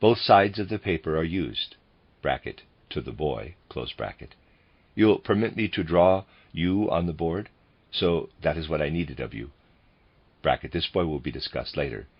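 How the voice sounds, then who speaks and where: Audiobook reader: a man with a very low, husky voice, measured, on a dull lo-fi recording. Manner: measured, reads bracketed notes aloud. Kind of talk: reading lectures aloud.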